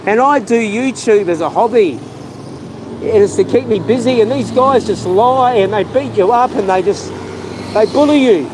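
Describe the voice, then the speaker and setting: A man's voice: high voice, moderate pace. An emotional young Australian man ranting heatedly on a live stream from outdoors, repeating himself as he vents. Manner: agitated, heated, repetitive ranting. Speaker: vlogger. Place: outdoors on a street. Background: faint traffic.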